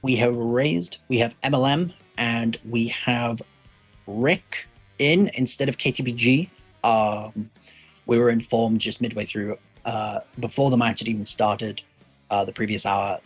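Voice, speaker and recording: A man giving play-by-play commentary on a competitive racing match, measured and hedging, with frequent fillers. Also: medium pitch, slightly rough, soft background music, low-quality recording. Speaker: esports commentator.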